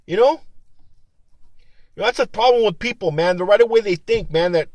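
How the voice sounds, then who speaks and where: A man's voice: sits high, normal speed, a little mellow, dry recording. A man venting in a rambling, profane, heated monologue about his job as a security guard supervisor.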